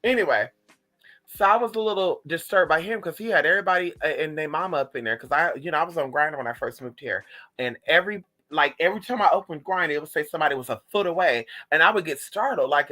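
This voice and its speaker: A man spins a story for his viewers in a loose, casual vlog. He talks with animated, profane flair and a bright, forceful voice. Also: on the high side, fast, rough recording.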